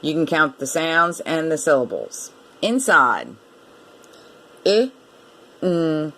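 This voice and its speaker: A woman teaching a reading lesson to children, repeating each word and sounding it out letter by letter in a slow, deliberate way. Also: deep voice, sing-song, pushed and bright.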